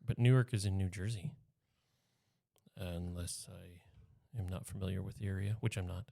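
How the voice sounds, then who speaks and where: A man co-hosting a podcast in casual chat, tossing out quick questions and short reactions. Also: deep voice, fairly even intonation, vocal fry, mellow, dry recording, clean studio sound. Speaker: podcast co-host.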